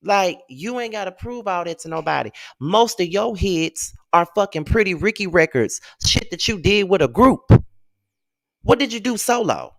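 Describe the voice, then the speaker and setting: Animated, gravelly man ranting. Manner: profane, exasperated ranting; rhetorical questions, jumps high in pitch. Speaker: YouTube reviewer. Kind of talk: ranting video review.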